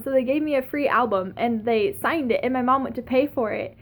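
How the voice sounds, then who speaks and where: High-voiced gushing young woman. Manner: excited, gushing, fast-talking with many "like"s and laughs. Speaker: fan. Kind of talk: casual vlog storytelling.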